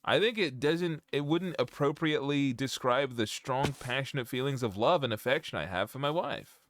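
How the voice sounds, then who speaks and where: A man's voice: mid-range voice, moderate pace, a bit bright. A young man live-streaming from home, chatting casually with his viewers, rambling and joking as he reads their comments.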